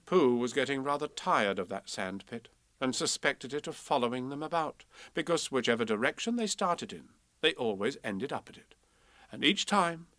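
A man telling a children's story aloud, playful and expressive with a lively rise and fall. His voice is bright and a touch high, recorded close and dry. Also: no room sound.

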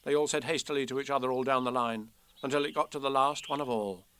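A man reading children's poems and a storybook aloud in a measured, expressive way. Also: mid-range voice, slight background noise. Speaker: narrator.

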